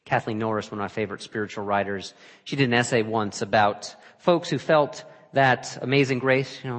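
A man's voice: on the low side, a little fast. Dramatic male preacher in a reverberant hall. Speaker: pastor. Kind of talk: sermon.

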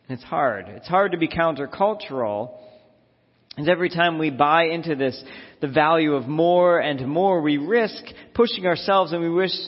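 Reflective preacher in an echoing sanctuary. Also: male voice, a little high. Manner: reflective, repeats phrases for emphasis. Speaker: minister. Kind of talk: sermon. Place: church sanctuary. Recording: dull lo-fi audio in a reverberant sanctuary.

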